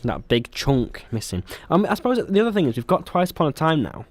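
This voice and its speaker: A man's voice: fairly high pitch, very animated, fairly quick. A young man co-hosting a podcast in casual chat, rambling with frequent ums and restarts. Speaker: podcast co-host.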